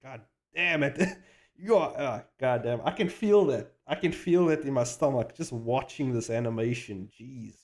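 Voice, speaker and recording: An animator talks casually on his live stream as he works, in a mid-range voice at a moderate pace. Excitable and hyping himself up, he swears liberally and rambles through slang and restarted sentences.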